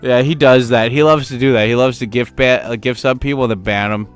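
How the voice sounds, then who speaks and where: A man's voice: mid-range voice, steady tone, a little fast, clear, resonant tone, soft background music. A young man, a game streamer, chatting crudely and rambling with his chat while playing. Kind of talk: casual livestream gaming commentary.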